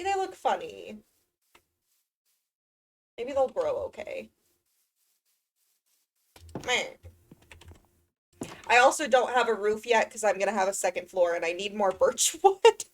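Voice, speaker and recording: Gravelly-voiced woman muttering through gameplay. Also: medium pitch, expressive, unhurried, long pauses, far from the mic. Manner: swearing, muttering, easily exasperated. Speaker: streamer. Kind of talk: casual gameplay commentary.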